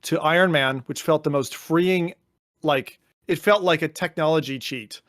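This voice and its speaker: He's a podcast co-host whose fairly high, fairly bright voice moves at a moderate pace as he chats casually and animatedly, using mock voices and profanity. The studio-quality recording has no echo.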